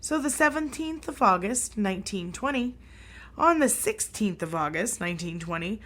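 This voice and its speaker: A woman co-hosting a casual history podcast, reading stories and reacting with quick exclamations. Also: mid-range voice, animated, fairly bright tone. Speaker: podcast co-host.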